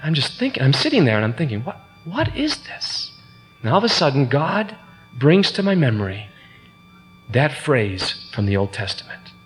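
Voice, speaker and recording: A man's voice: medium pitch, big pitch swings, normal speed, faint music behind. Earnest man telling his testimony. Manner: earnest storytelling, acts out quotes. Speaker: speaker giving a testimony. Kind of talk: sermon-style personal testimony. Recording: reverberant hall with faint hum.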